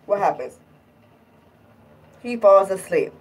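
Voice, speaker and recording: A woman's voice: mid-range voice, lively intonation, normal speed, darkish tone, husky, recorded from a distance, rough recording. A woman talking casually in a vlog, irritated and rambling, often repeating herself. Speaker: vlogger.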